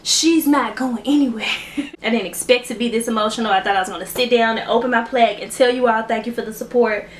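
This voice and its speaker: A woman's voice: on the high side, fast, reverberant, slight background noise. A woman YouTuber, chatting emotionally and gratefully to camera in a casual vlog at home. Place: room at home lit by ring light.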